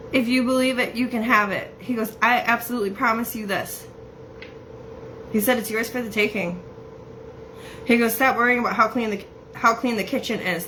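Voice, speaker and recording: A woman giving a casual psychic reading, chatty and laughing often as she quotes messages in quick bursts. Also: on the high side, pushed and bright, slight background noise, poor audio. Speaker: psychic medium.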